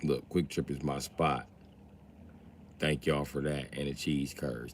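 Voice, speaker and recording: A man's voice: extremely low pitch, fairly even intonation, takes it slowly, a little hiss or hum. A man hosting a livestream, ranting crudely and teasing his chat as he riffs off their comments. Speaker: livestream host. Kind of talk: profane comedic rant to chat.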